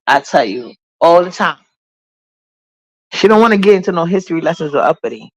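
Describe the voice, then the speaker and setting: A woman's voice: low voice, lively intonation, moderate pace, long pauses, poor audio. A woman hosts a livestream in a casual, chatty way. She is blunt and full of sass, and she addresses her chat directly as she goes. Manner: blunt, sassy, talks straight to her chat. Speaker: livestream host.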